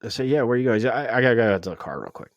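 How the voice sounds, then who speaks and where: A man telling a story on a podcast, animated and acting out the dialogue of the people in it. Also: medium pitch, very fast, no room sound, muffled recording. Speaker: podcast guest. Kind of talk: casual storytelling.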